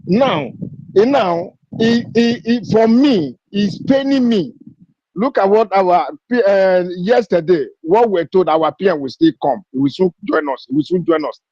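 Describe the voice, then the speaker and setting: On an online call, a man with a Nigerian English accent speaks fierily, stacking one rhetorical question on another. His high voice has a darkish tone and a slightly slow pace, in a dry recording with dull lo-fi call quality.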